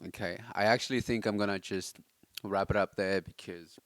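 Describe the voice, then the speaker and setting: A man's voice: lowish voice, fairly even intonation, normal speed, fairly bright tone, no room sound. A young man talking reflectively on a late-night personal vlog, rambling with many fillers and restarts, his throat itchy and tired. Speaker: vlogger.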